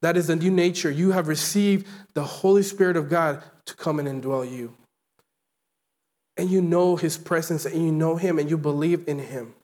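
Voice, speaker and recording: A man's voice: a little high, moderate pace, darkish tone. A man preaching a sermon as pastor, earnest and emphatic, driving his points home with repeated phrases.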